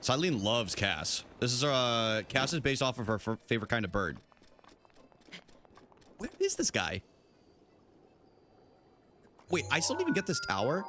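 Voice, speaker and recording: A man's voice: measured pace, long pauses, music in the background. A young man streaming a game live, chatting casually and goofily with his viewers. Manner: goofy, banters with chat, animated swings in pitch. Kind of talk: casual live gameplay chat.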